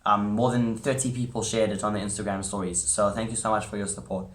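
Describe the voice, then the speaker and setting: A man's voice: on the low side, steady tone, quick pace. Chatty young man in echoey room. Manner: chatty, rambling with many ums. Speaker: vlogger. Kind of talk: casual storytelling vlog.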